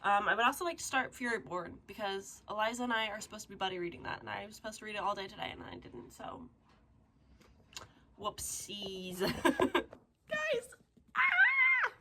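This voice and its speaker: A young woman in her twenties chatting casually in a reading vlog, excitable and gushing, laughing often and tearful from crying. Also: mid-range voice, very fast, few pauses, slight background noise. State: tearful, having just cried. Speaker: book vlogger.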